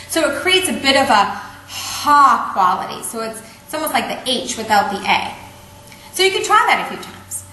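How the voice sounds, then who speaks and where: A woman teaching a yoga breathing technique in a calm, patient way, often checking in with "okay?". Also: high-pitched, moderate pace, slight background noise. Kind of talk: instructional explanation. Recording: echoey room, faint ambience.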